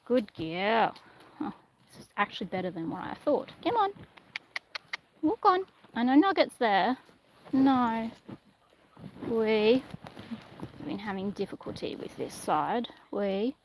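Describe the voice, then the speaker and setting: Slow-talking woman coaxing a pony outdoors. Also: fairly high pitch, sing-song. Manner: soft, coaxing praise to the animal. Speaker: horse owner livestreaming. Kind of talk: casual livestream chat while training a pony. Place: outdoors in a paddock. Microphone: phone camera held in one hand. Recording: noisy outdoor phone recording.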